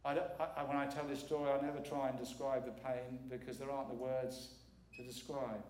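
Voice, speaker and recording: A man's voice: mid-range voice, flat delivery, brisk, a little mellow. Earnest middle-aged man preaching in echoey hall. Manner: earnest, emphatic, repeats words for weight. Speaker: guest preacher. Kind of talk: sermon. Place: church sanctuary.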